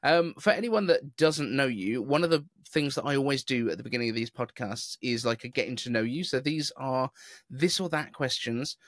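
Chatty British podcast host, dry sound. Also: male voice, mid-range voice, lively intonation, moderate pace, dry recording. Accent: neutral southern British. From southeast England. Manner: chatty, rambling, self-deprecating. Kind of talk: casual chat.

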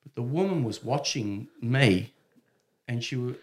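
A man's voice: medium pitch, measured pace. A man telling a casual anecdote, acting out voices and chuckling mid-sentence. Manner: animated, acts out voices, laughs mid-sentence. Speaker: storyteller.

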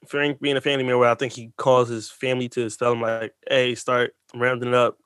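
A man's voice: medium pitch, brisk, clean tone, dry recording. A man in casual profane chat, breaking down a movie scene by scene and acting out its lines. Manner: animated, acts out scenes, profane. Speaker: movie discussion co-host.

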